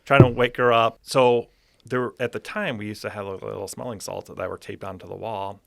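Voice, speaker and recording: A man, an optometrist, telling clinic stories on a podcast with animated, excitable energy. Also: fairly low pitch, brisk, vocal fry, dry recording. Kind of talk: podcast storytelling. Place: podcast recording room.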